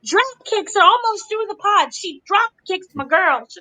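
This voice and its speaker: A woman with a notably high voice tells the story of a match like juicy gossip. Her tone is bright and keen, and she drops into dramatic little voices and gasps whenever she quotes someone. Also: animated, a little slow, low-quality recording. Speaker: entertainment editor recapping wrestling. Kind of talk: animated recap chat.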